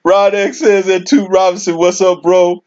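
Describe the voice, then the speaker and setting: Reading viewer comments out loud on a laid-back livestream, this man speaks at a moderate pace in a high-sitting, level, darkish voice, laughing frequently. The audio has a dull, lo-fi stream quality.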